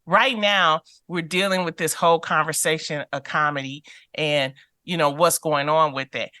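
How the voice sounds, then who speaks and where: Woman talk-radio host, deep and bright, dry studio sound, easygoing interviewer. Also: fairly even intonation, moderate pace, no room sound. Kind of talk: interview questions.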